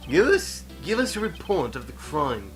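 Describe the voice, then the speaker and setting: A man's voice: on the high side, big pitch swings, normal speed, fairly bright tone, soft background music. A man playing a cool confident prosecutor. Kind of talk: video game voice playthrough.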